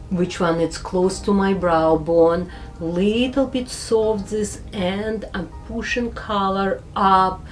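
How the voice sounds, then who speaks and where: A beauty vlogger narrates a makeup tutorial in a woman's medium-pitched voice. Her English is slow and careful, with non-native phrasing.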